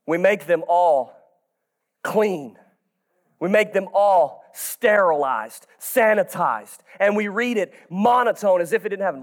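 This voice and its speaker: A pastor preaching a sermon with passion, swinging from hushed, confiding moments to shouting, and talking straight to his congregation in a folksy way. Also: high-pitched.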